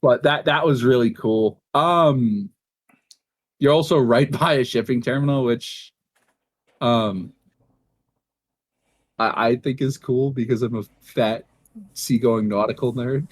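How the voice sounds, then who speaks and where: A young man from Massachusetts co-hosting a casual gaming podcast, rambling and swearing freely, jumping into animated voices when he retells conversations. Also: medium pitch, slow, pauses often, no room sound. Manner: rambling, profane, animated in retold dialogue. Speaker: podcast co-host.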